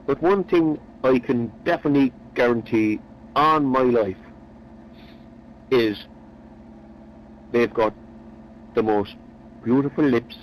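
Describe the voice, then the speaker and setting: A man's voice: medium pitch, takes it slowly, pauses often, highs cut off, a little hiss or hum. A man telling a long, rambling joke in a chatty, meandering way. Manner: meandering, chatty, repeats words. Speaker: storyteller.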